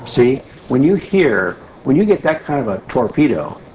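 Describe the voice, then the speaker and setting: A man's voice: medium pitch, big pitch swings, moderate pace, muffled recording, slight background noise. A man leading a Bible study group, teaching in a conversational, emphatic way and putting questions to the group.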